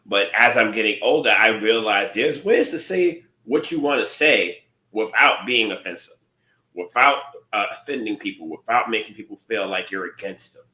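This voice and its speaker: A man's voice: fairly low pitch, normal speed, reverberant, rough recording. A man co-hosting a podcast, talking earnestly and thoughtfully about his experience. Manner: earnest, thoughtful, speaks calmly. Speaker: podcast co-host. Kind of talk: casual podcast chat.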